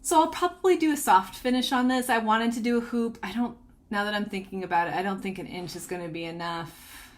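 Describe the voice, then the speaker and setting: A woman's voice: mid-range voice, fairly quick. A woman chatting casually about her cross-stitch projects, bubbly and giggly, rambling with restarts. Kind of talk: casual chatty show-and-tell.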